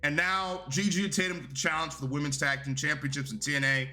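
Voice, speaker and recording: A man's voice: a little high, fairly even intonation, quick pace, sharp tone. A young man giving a casual, rambling and profane review of a wrestling show.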